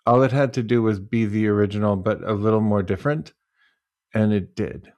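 A man with a fairly low voice hosts a podcast, chatting casually and telling animated, joking stories. The recording is dry and close with no room sound. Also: a little fast, dry recording, lo-fi sound. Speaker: podcast host. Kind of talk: casual chat.

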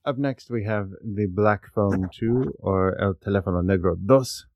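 Low-voiced man hosting a movie chat. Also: unhurried, lo-fi sound, loud music behind the voice. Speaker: podcast host. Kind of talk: casual movie review chat.

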